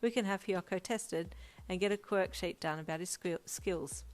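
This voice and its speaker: A woman's voice: on the low side, moderate pace, lightly acted. A woman voicing a cheerful, doting young hero father in an audio fanfic reading. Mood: playful. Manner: playful, warm teasing.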